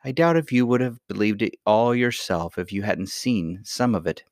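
A man reading a storybook, voicing a sweet and gentle magical old grandmother with a soft, kindly manner. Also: lowish voice, moderate pace, no room sound, studio quality, natural voice. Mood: tender.

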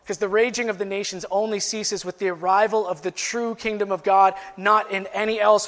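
A man preaching a sermon in a high-pitched voice. He builds to emphatic passages, and his words ring out with a long reverb in a church hall. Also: steady tone, moderate pace, fairly bright tone. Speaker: pastor.

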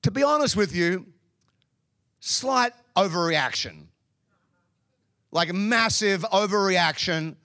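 A man's voice: high voice, lively intonation, takes it slowly, vocal fry, long pauses, sharp tone, no echo, clean studio sound. A middle-aged Australian man preaching a sermon through humorous, self-deprecating stories from his youth. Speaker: pastor. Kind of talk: storytelling sermon.

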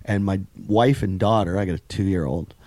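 Low-voiced man telling a story, dry sound. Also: normal speed, no echo. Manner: swearing, animated storytelling with acted quotes. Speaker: podcast host. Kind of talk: casual chat.

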